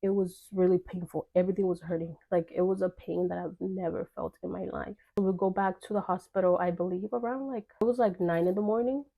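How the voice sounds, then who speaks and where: A woman's voice: lowish voice, steady tone, brisk, gravelly, hardly any pauses, narrow, tinny audio. A young woman telling a personal story in casual vlog chat, full of fillers and quoted dialogue. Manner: chatty, filler-heavy, acts out quoted dialogue.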